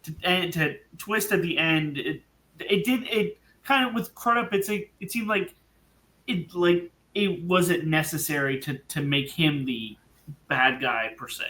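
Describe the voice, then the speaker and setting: A man's voice: on the high side, measured pace, pushed and bright, roomy sound. A man who is a guest in a casual podcast discussion, speaking hesitantly with many false starts.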